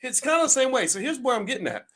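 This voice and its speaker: A man giving an emphatic, preachy talk on finance, firing rhetorical questions and rising to near-shouts. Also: very high voice, big pitch swings, rapid-fire. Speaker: finance commentator.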